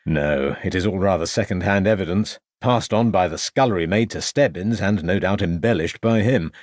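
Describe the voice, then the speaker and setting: A man voicing a brisk, authoritative Victorian police inspector in an audiobook reading. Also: low voice, a little mellow, dry recording, clean studio sound, close to an everyday voice. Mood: dry. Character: stern, clipped Victorian male detective inspector.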